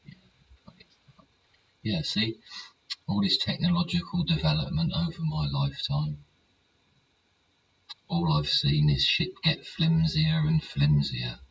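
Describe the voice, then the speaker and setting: A man's voice: very deep voice, fairly even intonation, slow pace, pauses often, a bit bright. An older English man hosting his own show in a rambling casual monologue, swearing freely and checking for agreement. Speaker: host. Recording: distant mic, dull sound, faint hiss.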